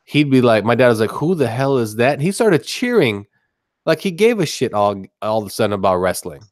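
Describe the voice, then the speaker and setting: A man's voice: mid-range voice, sing-song, a little fast, no room sound, studio quality. A man chatting casually on a live stream, rambling through rants that build to a sarcastic punchline.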